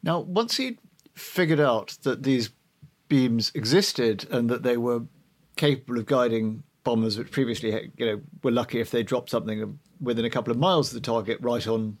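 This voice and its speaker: A man's voice: mid-range voice, moderate pace. A man hosting a book podcast, asking thoughtful, informal questions of his guest. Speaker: podcast host and interviewer. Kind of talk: conversational podcast interview.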